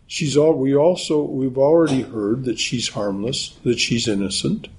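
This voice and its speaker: A man reading from a storybook and explaining its hidden meaning in a thoughtful, halting way. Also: mid-range voice, steady tone, darkish tone, husky, low-quality recording. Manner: thoughtful, with frequent fillers and restarts. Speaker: teacher. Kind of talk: reading and commenting on a book.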